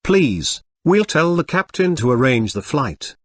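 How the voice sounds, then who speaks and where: A man's voice: on the high side, sing-song, unhurried, dry recording. A synthetic male voice reading a hesitant flight attendant.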